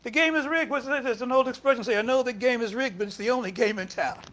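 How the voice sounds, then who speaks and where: A man's voice: very high-pitched, fast, bright, forceful tone. A man giving a conversational sermon at a spiritual center, acting out quoted speech with emphatic rises and dropping at times to near whispers. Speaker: speaker at a spiritual center service. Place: church hall.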